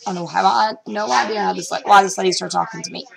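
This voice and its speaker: A woman's voice: mid-range voice, quick pace, vocal fry, fairly bright tone, rough recording. A middle-aged woman vlogging about reselling, telling a story in a rambling, chatty way with lots of fillers and restarts. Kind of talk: casual storytelling vlog.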